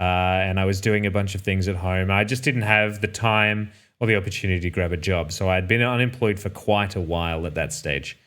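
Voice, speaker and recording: An Australian man with a low, slightly bright, clear and resonant voice tells a personal travel story. It's a casual, rambling anecdote where he often corrects himself and drops dry asides.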